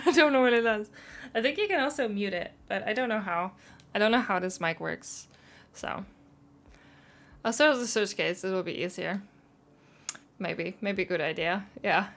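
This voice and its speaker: A woman's voice: fairly high pitch, a bit bright. Chatty self-conscious woman streamer. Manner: chatty, self-conscious, reads chat aloud. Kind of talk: casual live-stream chat.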